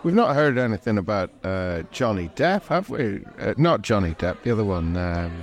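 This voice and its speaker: A man's voice: lowish voice, big pitch swings, normal speed. A man co-hosting a podcast, chatting casually with many fillers and chuckles. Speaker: podcast co-host. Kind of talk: casual chat.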